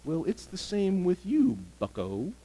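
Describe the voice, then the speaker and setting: A wry, teasing talking fish, played by a man telling a parable from the pulpit. He ribs the human with easy sarcasm, and his pitch swings widely as he talks. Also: huge pitch swings, measured pace, warm tone, exaggerated voice, rough recording. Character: cheeky talking river fish, male.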